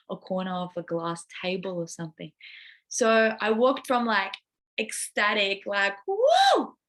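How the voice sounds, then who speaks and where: A young woman sharing a heartfelt personal update in a vlog. She talks openly and emotionally, with lots of "like" fillers. Her voice swings between bright excitement and quiet, near-whispered vulnerability. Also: medium pitch.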